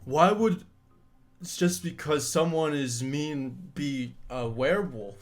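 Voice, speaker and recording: Halting game master narrating. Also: male voice, a little high, faint music behind. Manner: halting, with many fillers and restarts.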